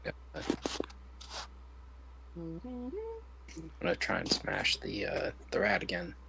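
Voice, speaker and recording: Player, terse and casual, gravelly, lively pitch. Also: slow pace. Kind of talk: casual tabletop game chat. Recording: noisy stream audio.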